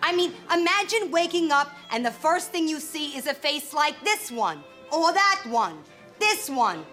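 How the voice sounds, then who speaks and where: A woman's voice: sits high, big pitch swings, a little slow, bright, forceful tone, faint music behind, exaggerated voice. An actress playing a ditzy young Long Island saleswoman in a comedy TV ad, with a Long Island accent and a vacant, pushy sales patter. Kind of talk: sketch comedy ad.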